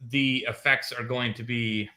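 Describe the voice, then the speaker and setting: A man's voice: mid-range voice, steady tone, a little slow, pushed and bright. A man joining a casual panel chat on a video call, telling laid-back anecdotes. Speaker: panel guest.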